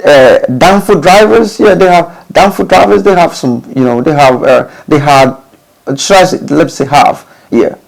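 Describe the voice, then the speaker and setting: Man giving lively vocal advice. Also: normal speed, creaky, poor audio. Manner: repetitive, restarts phrases, rhetorical questions, lively pitch swings. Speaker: music studio instructor. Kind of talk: informal advice talk.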